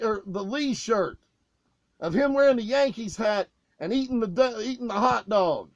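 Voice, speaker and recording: A man co-hosting a casual podcast, telling profane backstage stories with loud, animated outbursts. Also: sits high, moderate pace, no echo, lo-fi sound. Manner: loud, swearing, animated retelling with raised outbursts.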